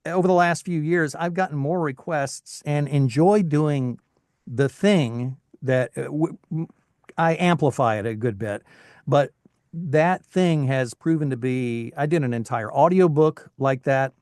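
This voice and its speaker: A middle-aged voice actor from Tennessee with a faint Southern accent, chatting casually in an interview with lots of restarts. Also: male voice, a little high, unhurried, a little mellow, no room sound, studio quality. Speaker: voice actor, guest.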